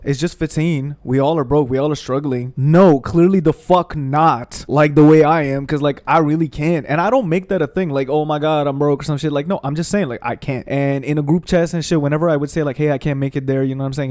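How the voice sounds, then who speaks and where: A man's voice: on the high side, darkish tone. A young man ranting profanely while playing a video game, telling a long heated story about his friends. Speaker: gaming streamer. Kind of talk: ranting commentary over gameplay.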